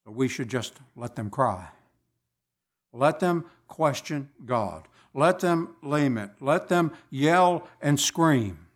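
A man preaches in an animated way, though his pace stays slow and drawn out. His medium-pitched voice comes with deliberate, measured pauses between phrases.

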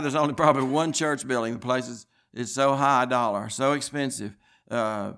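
A man's voice: medium pitch, a bit bright, clear, resonant tone. Earnest preacher man. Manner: rambling storytelling with frequent restarts; earnest, insistent. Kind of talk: sermon.

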